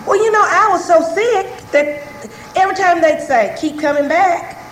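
A woman's voice: extremely high pitch, normal speed, roomy sound, slight background noise, low-quality recording. A woman sharing her personal story with a recovery group, talking frankly and repeating herself often.

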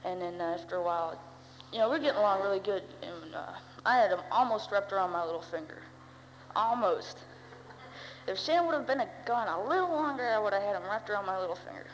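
A woman's voice: mid-range voice, expressive, quick pace. A teenage girl sharing her recovery story in a rambling, wry way, with many fillers. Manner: rambling, wry, full of "you know" and "uh". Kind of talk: personal recovery testimony. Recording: long hall reverb with faint hum.

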